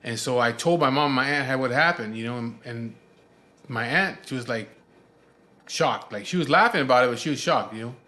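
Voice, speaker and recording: A man's voice: mid-range voice, brisk, pushed and bright. Man, 40s, show host, casual profane storyteller with lots of fillers, mid-range voice.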